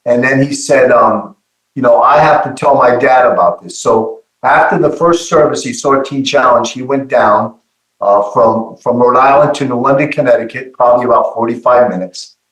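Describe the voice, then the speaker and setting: A middle-aged man telling a personal testimony in an earnest, halting way, often repeating his words. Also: medium pitch, fairly bright tone, reverberant, poor audio. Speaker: guest giving testimony.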